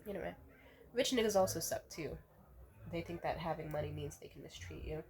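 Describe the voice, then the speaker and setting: A woman's voice: sits low, a little fast, crowd noise. A young woman ranting bluntly and profanely to camera in a casual vlog, restating points as she goes. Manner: repeats herself to restate points. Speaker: vlogger.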